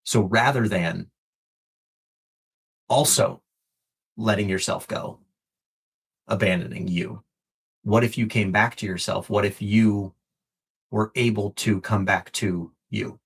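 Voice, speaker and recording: A man's voice: lowish voice, steady tone, slow pace, vocal fry, long pauses, slightly rough. A man coaching on a live stream, earnest and encouraging, repeating phrases for emphasis and swearing casually, emotional and close to tears. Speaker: fitness and life coach.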